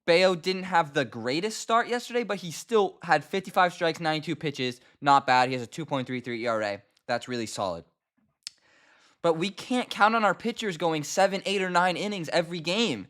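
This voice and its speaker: Exasperated young man ranting, slightly high voice. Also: pushed and bright. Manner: exasperated, emphatic, repeats himself. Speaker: host of a fan sports channel. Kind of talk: casual ranting commentary.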